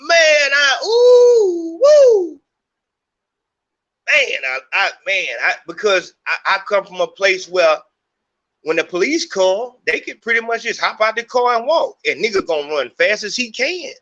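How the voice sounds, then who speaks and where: A man's voice: high-pitched, expressive, moderate pace, bright, forceful tone, lo-fi sound. A middle-aged man hosting a podcast, talking in a heated, profane, rambling monologue. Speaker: podcast host. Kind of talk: unscripted monologue.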